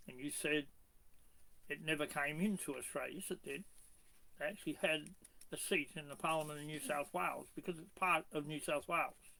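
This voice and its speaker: A man's voice: fairly high pitch, creaky, fairly bright tone, low-quality recording. Combative man reading out legal clauses. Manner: combative, pointed rhetorical questions; reads clauses in a measured, halting way. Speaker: commentator rebutting a constitutional expert. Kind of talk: reading legal text aloud and arguing.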